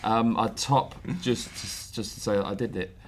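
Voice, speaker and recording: A man's voice: lowish voice, steady tone, moderate pace, background noise. A man, co-hosting a casual podcast and joking around with friends. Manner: joking, laughs often. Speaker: podcast co-host. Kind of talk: casual banter.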